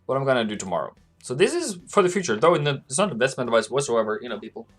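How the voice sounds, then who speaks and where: A man hosts a casual live trading stream. His pitch swings up and down in an animated way as he greets viewers, chuckles and talks through charts. Soft music plays faintly behind him. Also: very fast. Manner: chatty, greets viewers, laughs often, trails off. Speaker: forex trading livestream host.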